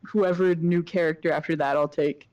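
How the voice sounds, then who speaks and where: A woman's voice: low-pitched, fairly even intonation, normal speed, a little mellow, distant mic, lo-fi sound. A woman chatting casually while streaming a game, guessing aloud with hesitant restarts. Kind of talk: casual let's-play chat.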